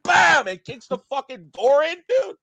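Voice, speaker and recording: A man in his forties, guesting on a podcast, tells a profane, animated story and jumps into the voices of its characters. His voice sits high for a man and runs a little fast. The audio is dry and close to the mic, with no echo.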